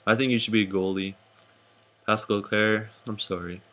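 A young man casually recapping hockey games for his vlog, jokey and excitable, with sudden high whoops. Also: moderate pace. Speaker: hockey fan vlogger.

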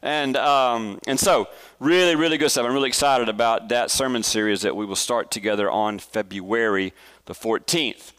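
A man's voice: mid-range voice, normal speed, fairly bright tone, clear, resonant tone. A man teaching a church Bible study in a conversational way, asking the congregation questions, enthusiastic, with restarts and fillers. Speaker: pastor.

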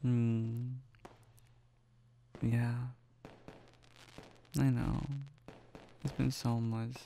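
A young man in a soft, affectionate whispered role-play, talking close to the mic and laughing often. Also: mid-range voice, level tone, very slow, vocal fry, slight background noise. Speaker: ASMR boyfriend role-play creator.

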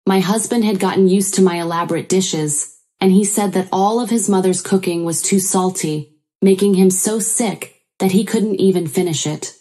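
A woman narrating her own story in the first person, in an even, plain storytelling manner. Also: medium pitch, moderate pace.

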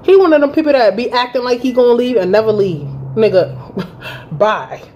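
A woman in her thirties telling a personal story to her channel in a casual, animated and profane way, acting out both sides of the conversation. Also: fairly high pitch, moderate pace, muffled recording, a little hiss or hum. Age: 30s. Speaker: vlogger. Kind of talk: storytime vlog.

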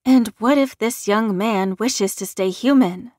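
A woman's voice: on the high side, measured pace, darkish tone, dry recording, pitched above the performer's own voice. Audiobook role: narrator doing a defiant, protective woman, raised voice, dry sound. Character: protective, brash woman prisoner.

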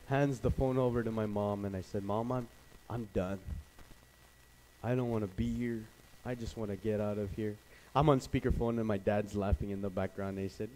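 A young man preaching a sermon, telling a personal story and then speaking quietly and earnestly to the congregation. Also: mid-range voice, a little fast, poor audio. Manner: storytelling, voices his dad loudly, then quiet and earnest.

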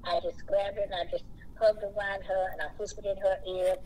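Lively storytelling woman, faint hum. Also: fairly quick, low-quality recording. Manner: lively storyteller who acts out greetings in a high voice. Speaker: podcast co-host. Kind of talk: casual faith chat.

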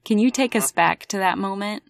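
A woman's voice: medium pitch, normal speed, creaky, no room sound, studio quality. A woman hosting a faith podcast, introducing and questioning her guest sincerely. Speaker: podcast host. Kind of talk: podcast interview.

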